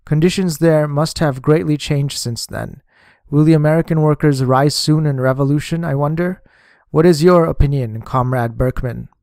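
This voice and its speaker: A man's voice: fairly high pitch, moderate pace, creaky, darkish tone, dry recording, clean studio sound. A man voicing an insistent, irritable male communist official who argues heatedly. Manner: argumentative, hot-tempered.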